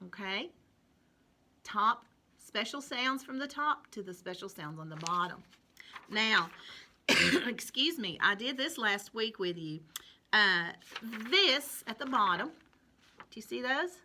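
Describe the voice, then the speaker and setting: A woman teaching a kindergarten phonics lesson, patient and encouraging, drawing out each sound slowly and clearly. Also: a little high, sharp tone. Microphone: recorded alone at home for distance learning.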